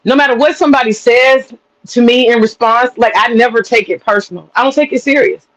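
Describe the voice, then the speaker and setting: A man's voice: very high-pitched, fairly quick, fairly bright tone, low-quality recording. Profane, laughing streamer man. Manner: loose, profane, laughing, repeats phrases. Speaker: streamer and panel host. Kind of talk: casual livestream panel chat.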